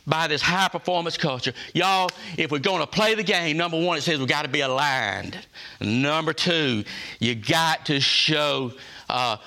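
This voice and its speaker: A man's voice: high-pitched, pushed and bright. A man giving a folksy, emphatic motivational talk to his staff, repeating key phrases and asking the room questions. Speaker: workplace leader giving a culture talk.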